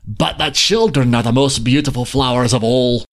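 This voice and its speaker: A man reading aloud, voicing a huge, gentle old giant in slow, solemn tones. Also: medium pitch, natural voice. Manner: slow, solemn storybook delivery. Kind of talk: storybook reading.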